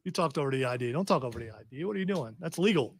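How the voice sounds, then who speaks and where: A man's voice: mid-range voice, expressive, very fast, slightly rough, no echo. A man hosting a casual radio talk show, rambling and interrupting himself, laughing often. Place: radio studio.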